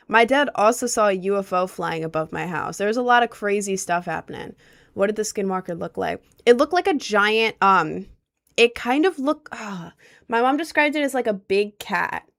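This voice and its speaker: Hosting a livestream, a Maryland woman of about twenty chats casually and responds to her chat with frequent ums. She speaks in a mid-range voice with vocal fry.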